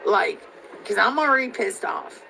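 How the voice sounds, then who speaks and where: Gravelly-voiced woman ranting crudely. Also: mid-range voice, expressive, moderate pace, sharp tone, slight background noise, rough recording. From Missouri. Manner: crude, heated, rambling with many fillers. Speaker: vlogger. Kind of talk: profane rant to camera.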